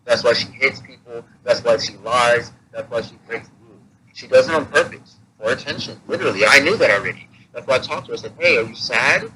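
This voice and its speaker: A man talking openly as an interview guest, voice at a middle pitch. He repeats himself as he goes, and he grows heated at times. The recording is noisy, with a steady hum under it. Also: fast. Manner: candid, repetitive, rising heated at points. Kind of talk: casual interview talk.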